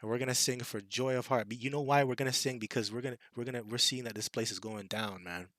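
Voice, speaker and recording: A man preaches scripture with a bright, forceful edge, scornful and taunting as he warns his listeners. The sound is dry and close, with little room around his voice. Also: mid-range voice, steady tone, quick pace, no echo. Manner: fiery and taunting, with scornful impressions and laughs. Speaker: street preacher. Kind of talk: scripture sermon.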